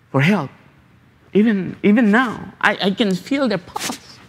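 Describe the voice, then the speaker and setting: A man pastor preaching a sermon, repeating phrases and asking rhetorical questions with halting restarts. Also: high voice, animated, slightly rough. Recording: long hall reverb.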